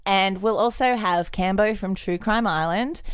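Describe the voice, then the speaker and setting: A woman from Australia co-hosting a podcast, trading crude deadpan jokes in casual chat. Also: medium pitch, unhurried, smooth, no echo, studio quality. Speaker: podcast co-host.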